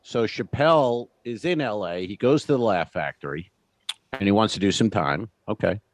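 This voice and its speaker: Male comedy podcast co-host, low voice, very lively delivery, dry close sound. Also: normal speed, no echo. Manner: animated storyteller, acts out quotes. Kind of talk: casual comedy podcast chat.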